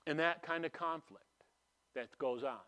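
A man preaching a sermon in a conversational way, asking rhetorical questions and swinging between emphatic and hushed delivery. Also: fairly high pitch, moderate pace.

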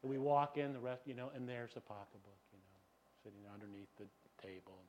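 Animated, self-mocking middle-aged preacher. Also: male voice, mid-range voice, fast talker, a little hiss or hum. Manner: animated, self-deprecating, acts out voices, many "you know"s. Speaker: pastor. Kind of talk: sermon with personal storytelling.

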